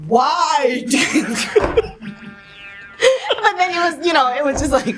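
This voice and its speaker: A woman from Thailand, speaking English as a guest actress, telling lively stories, laughing often and acting out scenes. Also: sits high, racing, faint music behind. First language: Thai. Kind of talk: animated storytelling in an interview.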